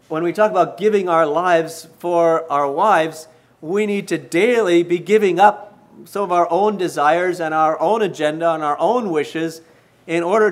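Gravelly-voiced older man preaching. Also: high voice. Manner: folksy storytelling, self-mocking, many restarts. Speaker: pastor. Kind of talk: sermon to married men.

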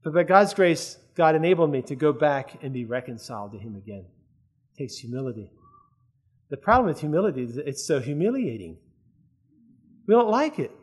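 A man's voice: medium pitch, big pitch swings, a little fast, husky. A man preaching a sermon in an earnest, conversational way, often checking that his listeners follow.

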